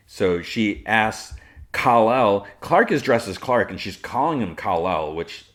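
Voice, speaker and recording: A man's voice: lowish voice, lively intonation, unhurried, fairly bright tone. A man hosting a podcast, recapping an episode in a casual, rambling way with lots of fillers and restarts. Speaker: podcast host.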